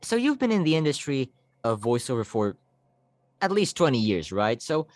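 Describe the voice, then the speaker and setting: A man's voice: mid-range voice, big pitch swings, normal speed, darkish tone, no room sound. A man hosting a podcast, eagerly asking a guest questions. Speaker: podcast host. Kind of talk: casual interview.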